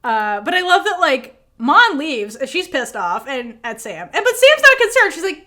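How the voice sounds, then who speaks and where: A woman's voice: sits high, very animated, moderate pace, pushed and bright. A woman co-hosting a podcast, recapping a TV episode in casual chat, acting out the characters' lines with swearing and laughter. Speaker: podcast co-host.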